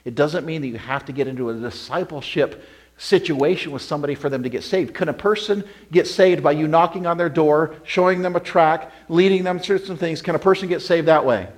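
Male pastor, sermon, higher voice, asks the congregation questions, repeats for emphasis, hushed storytelling rising to loud exhortation. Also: brisk. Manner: swings from low quiet retelling to loud emphatic preaching.

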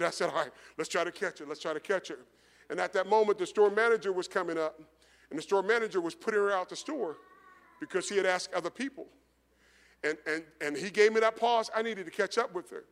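A middle-aged man preaching a sermon in a relaxed, conversational storytelling way, repeating his phrases and building toward rising intensity. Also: high voice, fast talker. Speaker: pastor. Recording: long hall reverb.

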